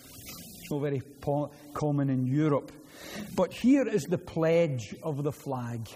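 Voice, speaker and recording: Glaswegian preacher in an echoing hall. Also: male voice, on the high side, slow, slight background noise. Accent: Glaswegian Scottish. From Scotland. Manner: earnest, repeats words when excited. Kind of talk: sermon. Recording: long hall reverb, faint ambience.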